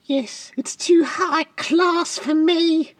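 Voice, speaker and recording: A man voicing a spoiled, sulky young woman nanny in a whiny falsetto with a mock British accent in an improvised comedy podcast. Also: fairly even intonation, very slow, no room sound, exaggerated voice. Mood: prissy. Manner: shrill falsetto, petulant whining.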